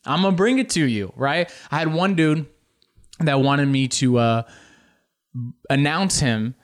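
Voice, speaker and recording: A young man chatting casually to camera, animated and jokey, joking about how much he talks with his hands. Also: on the high side, a little slow.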